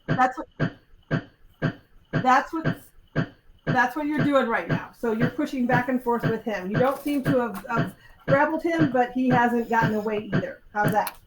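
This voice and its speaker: On a convention stage, a woman with a slightly high voice runs a live tabletop game as game master, speaking at a measured pace with frequent pauses. She's lively, explains the rules with ums and acts out the fight moves, while a loud crowd fills the hall.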